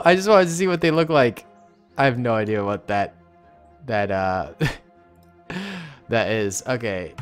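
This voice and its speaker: A young man giving casual let's-play commentary as a gaming host, excitable and loud as he rallies troops. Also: medium pitch, normal speed. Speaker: gaming YouTuber. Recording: game music and gunfire behind.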